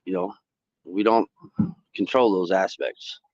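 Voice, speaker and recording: A man hosting a fishing livestream, telling stories in a casual, rambling way, swearing freely and putting on high voices when he quotes people. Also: fairly even intonation, slow pace, no echo, dull audio.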